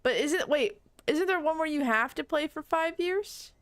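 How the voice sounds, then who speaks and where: A woman's voice: sits high, lively intonation, normal speed, fairly bright tone, no room sound. A young woman streamer chatting casually while playing a game, reading on-screen text aloud and bursting into laughing shrieks. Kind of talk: casual gameplay commentary.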